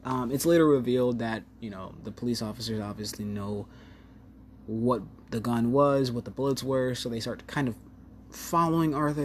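A man's voice: medium pitch, a little hiss or hum. A man giving a casual, rambling film review, full of fillers and open enthusiasm. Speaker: movie reviewer.

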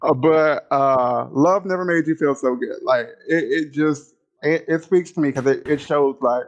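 A male podcast co-host in casual chat, talking in an animated, excitable way, repeating himself and often breaking into high laughter. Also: measured pace, muffled recording.

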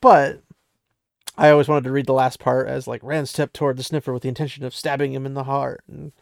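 A man casually recaps and reads from a book chapter, chatting and laughing along the way. His voice is gravelly with noticeable fry, at an ordinary pitch. The recording is dry and close. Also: flat delivery, a little fast, no echo. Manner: chatty, laughs often, many fillers.

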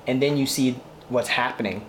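A man of middle pitch rambles through a casual review, heartfelt and full of praise. A faint hiss of noise sits under his voice. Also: moderate pace. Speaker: podcast host.

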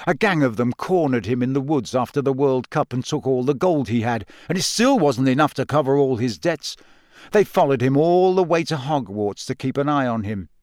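A man's voice: medium pitch, animated, normal speed, a little mellow, no echo, close to an everyday voice. A man voicing a wry, dry-humored teenage boy prankster.

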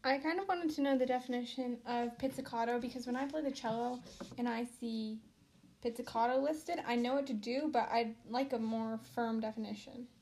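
Woman co-host, curious, plain delivery, high pitch. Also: fairly quick, darkish tone, slight background noise. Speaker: podcast co-host. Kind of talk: comedy sketch interview.

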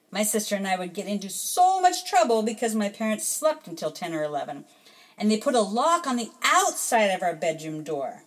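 A woman hosts a podcast in a loose, chatty way, reading out messages from listeners and drifting into her own stories. She pokes fun at herself as she goes. Her voice sits in an ordinary middle pitch. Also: low-quality recording. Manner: chatty and self-deprecating, laughs often. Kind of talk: casual chat.

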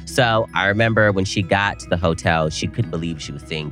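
A man co-hosting a podcast, telling a story in a casual, animated way with playful slang. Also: deep voice, brisk, faint music behind. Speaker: podcast co-host. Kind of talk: casual chat.

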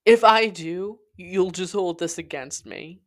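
A woman's voice: low voice, steady tone, slow pace. A narrator voicing a bitter, accusing young woman who speaks in a cold, blaming way.

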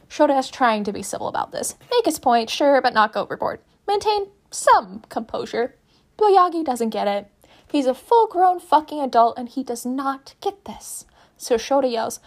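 A chatty woman reads a fan story aloud in a casual way. Her voice sits a little high and she leans hard on the words, swearing freely. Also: very animated, moderate pace. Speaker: fanfiction reader. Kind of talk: casual reading of fanfiction aloud.

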